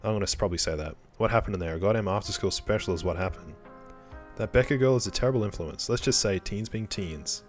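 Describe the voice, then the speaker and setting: A man's voice: lowish voice, quick pace, soft background music. A man casually commenting while playing a visual novel, joking and self-mocking.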